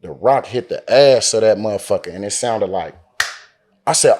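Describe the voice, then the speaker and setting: A man from Oakland, California, with a mid-range voice and normal pace, sits as an interview guest in a Las Vegas resort lounge. He tells a story casually and with lots of energy, acting out the quoted dialogue and leaning on heavy slang and frequent swearing.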